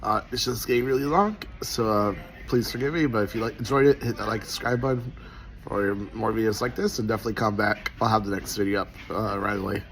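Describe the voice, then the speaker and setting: A man's voice: lowish voice, fast talker, fairly bright tone. A man telling a story in casual commentary, rambling, with lots of "like" and "uh". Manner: rambling, full of "like" and "uh".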